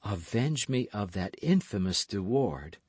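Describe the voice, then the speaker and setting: A man's voice: lowish voice, big pitch swings, a little slow, a little mellow, dry recording. A man reading an audiobook, voicing a vindictive, scheming noblewoman in a coaxing, calculating manner.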